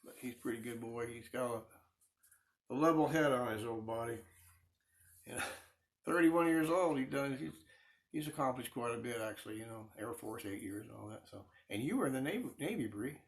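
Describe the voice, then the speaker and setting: A middle-aged man talks in a rambling, friendly way while he works at a lathe in his shop. He chats with viewers of a live stream, answering comments between remarks about sanding. His voice sits at an ordinary pitch for a man. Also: expressive, a little fast. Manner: rambling, chatty, reads viewer comments aloud. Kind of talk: casual chat while working. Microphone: phone.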